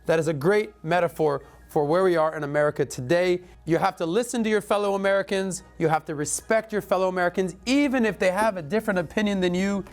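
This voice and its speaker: A man's voice: sits high, fast, hardly any pauses. A man from Florida hosting a show, delivering emphatic, blunt commentary straight to camera, with casual swearing and repeated calls to action. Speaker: show host. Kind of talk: direct-to-camera political commentary.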